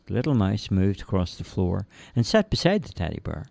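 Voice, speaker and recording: A male storyteller reads a children's tale in a gentle, measured way. His voice is gravelly, deep and warm, and the recording sounds close and dry. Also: very animated, no room sound. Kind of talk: storybook narration.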